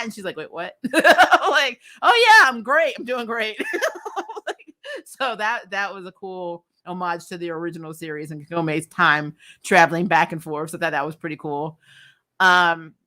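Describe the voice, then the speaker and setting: Woman reviewer, casual and chatty, laughs a lot, bright voice. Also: on the low side. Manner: chatty and animated, laughs often, many fillers. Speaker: anime review vlogger.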